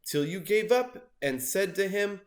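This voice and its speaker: Animated high-pitched man reading aloud. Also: a little slow. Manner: expressive, switches into loud character voices. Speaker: storybook reader. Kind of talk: animated picture-book read-aloud.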